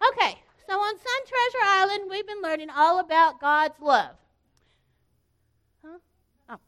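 A woman leading a children's program, running loud, cheery call-and-response songs and a simple Bible lesson. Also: very high voice, measured pace.

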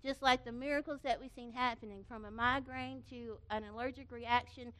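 A middle-aged woman speaking to a church gathering in an informal way, telling a story in an animated, folksy manner and earnestly thanking the volunteers. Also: a little high, moderate pace. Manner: animated storytelling, acting out quoted voices.

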